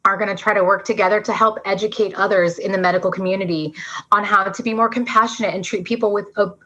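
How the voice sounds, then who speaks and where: A woman in her forties recounts her own story as a podcast guest, rushing along with earnest feeling and lots of "like". Her voice is bright and forceful. The recording sounds dull and lo-fi. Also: medium pitch, fairly even intonation. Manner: fast, earnest, says "like" a lot. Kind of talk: emotional storytelling.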